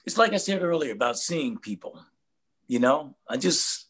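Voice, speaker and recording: A man's voice: a little high, animated, normal speed, a bit bright, slightly rough. An older man, a radio host, chatting in an earnest, reflective way and repeating words as he thinks. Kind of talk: casual interview chat.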